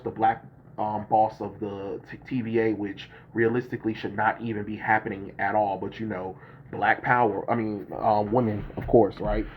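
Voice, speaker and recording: A man's voice: on the low side, a little hiss or hum. A young man casually recapping a film's plot, rambling with many ums and restarts. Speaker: movie reviewer. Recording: dull lo-fi recording.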